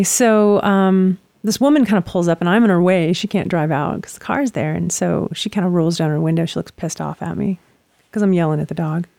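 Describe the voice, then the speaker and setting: Casual storyteller: a woman with a lilt, a lower voice, recorded dry. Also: dry recording. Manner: animated, acts out quotes, swears freely. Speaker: storyteller in a couple's chat.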